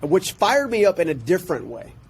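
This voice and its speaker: Male podcast guest, slightly higher voice, animated and passionate storyteller, faint background noise. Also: fairly quick. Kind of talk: personal storytelling in a podcast interview.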